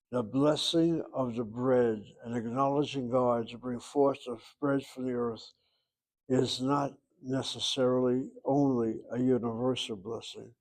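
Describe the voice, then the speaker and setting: A middle-aged man teaching Hebrew in a classroom lecture, thinking aloud and pausing to search for terms. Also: medium pitch, a little mellow.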